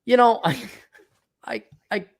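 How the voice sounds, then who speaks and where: A man's voice: high-pitched, big pitch swings, slow. Blunt profane man. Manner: blunt, profane, mocking impressions. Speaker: podcast co-host. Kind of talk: casual chat.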